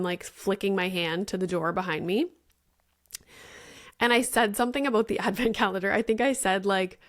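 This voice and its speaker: A woman's voice: mid-range voice, a bit bright. A woman in her thirties hosting a podcast, telling a parenting story in a chatty, casual way, full of "like" fillers and casual swearing. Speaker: podcast host.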